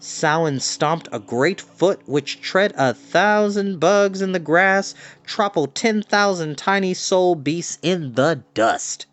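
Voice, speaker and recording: A man reading a book aloud as a storyteller, in a dramatic, expressive way. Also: high-pitched, slow pace, few pauses, dry recording.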